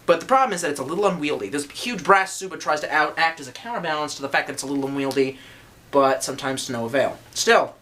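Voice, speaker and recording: A man's voice: a little high, sharp tone. A young man rambling casually through a sword review from his room, swearing freely and joking at his own expense. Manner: profane, joking, self-deprecating, rambling. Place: room at home, indoors.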